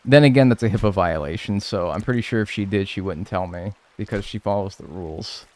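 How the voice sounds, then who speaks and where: A man's voice: on the low side, fairly quick, a little mellow, no echo. A young man with a Pittsburgh accent, chatting casually and telling rambling jokey stories while streaming a game. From Pittsburgh area, US. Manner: rambling, jokey storytelling with silly put-on voices.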